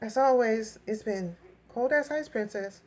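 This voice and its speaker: Blunt, high-voiced woman vlogger ranting. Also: measured pace. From Minnesota. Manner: blunt, profane, animated, mimics others. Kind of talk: casual storytelling rant.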